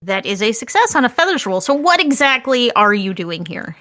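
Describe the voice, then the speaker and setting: A woman's voice: a little high, big pitch swings, brisk, pushed and bright, dry recording, studio quality. A woman running a tabletop game as game master, laying out options step by step in an upbeat way.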